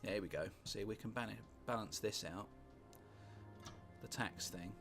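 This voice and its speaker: Gravelly British man musing over a game. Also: fairly low pitch, a little slow, fairly bright tone. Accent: British English. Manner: rambling, wry, sweary asides, musing aloud. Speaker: gameplay commentator. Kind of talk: casual let's-play commentary. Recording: music playing underneath.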